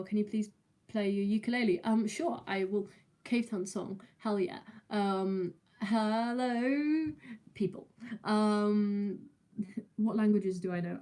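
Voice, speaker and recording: A woman's voice: medium pitch, mellow. A young woman, chatting casually on a livestream and answering viewers with many fillers, restarts and giggles. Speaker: streamer.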